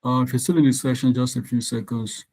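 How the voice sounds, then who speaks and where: With little pitch movement and a slightly mellow quality, a male tutor's mid-range voice guides students through exam questions in a live online session at an unhurried, explanatory pace. He periodically asks if his computer mic is coming through, and the recording is low quality.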